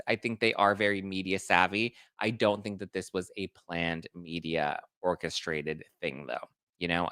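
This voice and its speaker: A man's voice: lowish voice, bright, forceful tone, smooth, no room sound, studio quality. A man hosting celebrity gossip commentary, chatting to viewers in a gossipy way while he reacts to photos. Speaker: host.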